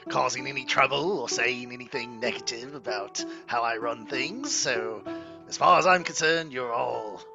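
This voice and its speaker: Man playing a pompous baron, booming, falsely cheerful, slightly dull recording, music behind. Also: moderate pace, vocal fry, lightly acted. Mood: grandly cheerful. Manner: loud, grandly welcoming, curt with his wife.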